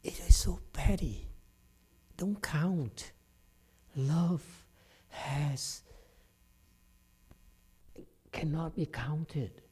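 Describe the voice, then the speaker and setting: Unhurried middle-aged man teaching Buddhism, dark-toned and blunt, ribs his audience with a laugh. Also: a little high, husky. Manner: frank and scolding, teases listeners by name, laughs often. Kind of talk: dharma talk to a live audience.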